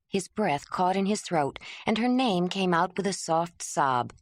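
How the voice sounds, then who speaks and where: Brief: woman audiobook narrator, low and lively, dry close mic. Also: a little slow, hardly any pauses, no room sound. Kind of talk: scripted narration.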